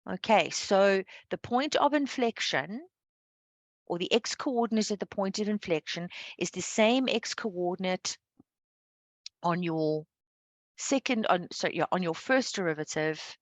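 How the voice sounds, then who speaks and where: A woman's voice: medium pitch, animated, a little slow, no echo. A woman teaching a live online maths lesson, explaining patiently and checking understanding with a frequent "okay". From South Africa.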